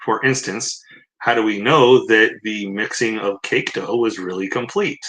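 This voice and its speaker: A man's voice: on the low side, fairly even intonation, unhurried, a bit bright, a little hiss or hum, rough recording. A man giving sarcastic, rambling commentary, mixing book passages read aloud with mocking rebuttals. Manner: rambling asides. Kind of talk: casual commentary mixed with reading aloud.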